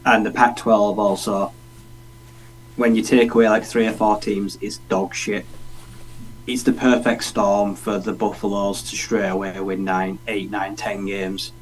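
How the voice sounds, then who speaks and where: A man's voice: lowish voice, flat delivery, unhurried, a little hiss or hum, low-quality recording. A man from the United Kingdom co-hosting a casual sports podcast, giving blunt opinions and swearing casually. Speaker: podcast co-host.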